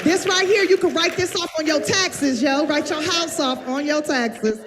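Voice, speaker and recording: A woman's voice: high voice, moderate pace, background noise. A woman stand-up comedian telling a brash, profane story to a live audience. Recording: live show with audience laughter.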